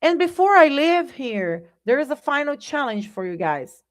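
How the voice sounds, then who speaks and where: A woman's voice: high voice, very animated, moderate pace. A woman with a Brazilian Portuguese accent hosting a live English lesson, speaking conversationally to her viewers and often checking in with "right?". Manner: conversational, addresses viewers as "guys", keeps asking "right?". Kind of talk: live-streamed language lesson.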